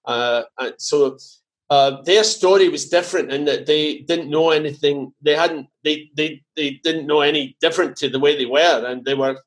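A man with a Scottish accent, a podcast guest talking casually and haltingly, with many fillers and restarts. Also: fairly high pitch, steady tone. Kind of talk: casual conversation.

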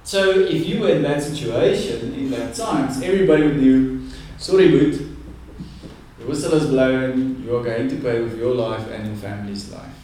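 Male preacher, animated storytelling, echoey room, mic set far off, faint hiss. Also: medium pitch, a little fast, hardly any pauses. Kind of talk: sermon.

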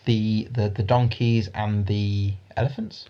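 A man co-hosting a podcast, chiming in with quick jokes and asides. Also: lowish voice, little pitch movement, muffled recording. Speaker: podcast co-host. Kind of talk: casual chat with jokey interjections.

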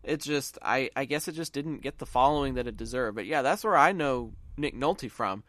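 A man's voice: mid-range voice, lively intonation, normal speed, a bit bright, no room sound. A man from the American South talks movies as a podcast co-host, rambling eagerly and doubling back on his words. His voice sits mid-range and sounds close and dry, with no room around it. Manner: rambling, enthusiastic, restarts phrases. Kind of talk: casual movie chat.

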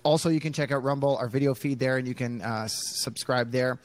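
A man's voice: mid-range voice, steady tone, fairly quick, dry recording. Male podcast co-host, mid-range voice, loose delivery, frequent fillers. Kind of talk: casual podcast chat.

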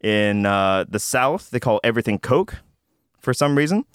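A man in his thirties telling stories as a podcast guest, relaxed and laughing often. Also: mid-range voice, moderate pace, smooth, no echo, studio quality. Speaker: podcast guest, stand-up comedian. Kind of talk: casual storytelling chat.

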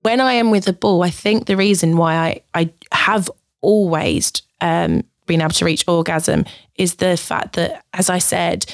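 A woman's voice: lowish voice, lively intonation, a little slow, no room sound, studio quality. A woman, a podcast guest in candid casual chat, giggly and self-conscious with many fillers.

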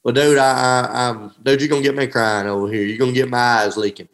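A middle-aged man with a drawl tells fishing stories in a relaxed interview. He speaks in a folksy, heartfelt way, keeps saying "dude," and trails off and restarts his sentences as he goes. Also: medium pitch, a little fast, low-quality recording. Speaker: professional angler, guest. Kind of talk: emotional casual interview.

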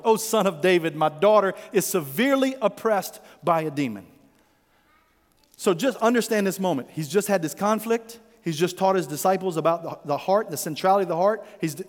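A male pastor preaching a conversational, animated sermon who acts out the voices in the story. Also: high voice, long reverb tail.

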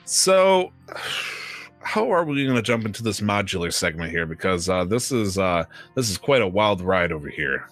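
A man's voice: deep voice, sing-song, moderate pace, fairly bright tone, faint music behind. A man co-hosting a podcast, chatting casually in a rambling way with many fillers and restarts. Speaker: podcast co-host. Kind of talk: casual chat.

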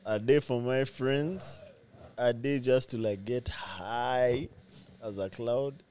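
Relaxed man drifting through casual chat. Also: mid-range voice, slow. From Uganda. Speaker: podcast co-host.

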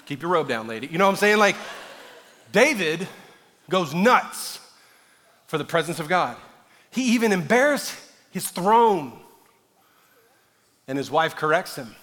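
Animated male preacher in an echoey hall. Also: fairly high pitch, a little slow, long pauses. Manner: animated, builds to shouting. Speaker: pastor. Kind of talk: sermon.

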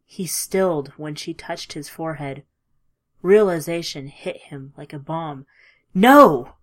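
A woman reading a first-person story aloud in a measured, emotive way, dropping at times to a hush. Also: deep voice. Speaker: audiobook narrator. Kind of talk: scripted audiobook narration.

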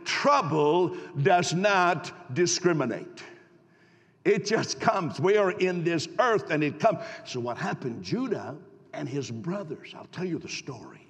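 A man's voice: fairly high pitch, very animated, moderate pace. A man preaching a storytelling sermon, folksy and full of stammering restarts, asking his congregation rhetorical questions. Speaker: pastor. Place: church sanctuary. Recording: long hall reverb.

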